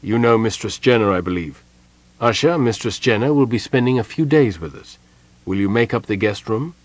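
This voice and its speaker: A man voicing a weary, guarded middle-aged husband who speaks in an earnest, measured way. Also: on the low side, expressive, no echo.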